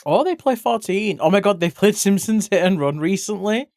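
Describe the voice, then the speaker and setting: This is a livestreamer chatting away casually while drawing, with loose, unfiltered talk. The voice sits at a middle pitch, and every so often it jumps into excited squeals. The sound is close and dry, with no room around it. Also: moderate pace, no room sound. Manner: chatty, swears casually, bursts into excited yelps.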